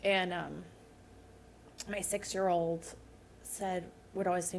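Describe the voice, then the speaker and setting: A woman's voice: fairly low pitch, little pitch movement, slow, creaky. A woman in her thirties, a podcast guest, speaking earnestly about her own life in a candid interview. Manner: earnest, personal storytelling. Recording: faint background noise.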